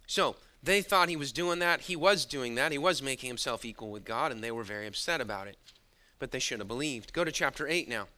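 A man's voice: mid-range voice, lively intonation, a little fast, pushed and bright. A man preaching a sermon, emphatic and drawing out his key words.

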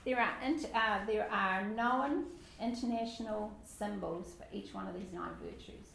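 A woman gives a Bible study in a casual, chatty way, breaking off for little self-deprecating asides. Her voice sits at an everyday middle pitch. It rings around an echoey hall, with a faint hum of noise behind her. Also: moderate pace, vocal fry, fairly bright tone. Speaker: Bible teacher.

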